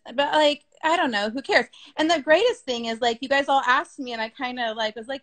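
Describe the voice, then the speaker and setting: A woman's voice: high voice, fairly quick, hardly any pauses, a bit bright. Chatty woman, frank and casual. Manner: frank, chatty, sprinkled with swearing and "like". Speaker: business coach being interviewed. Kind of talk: casual conversational interview.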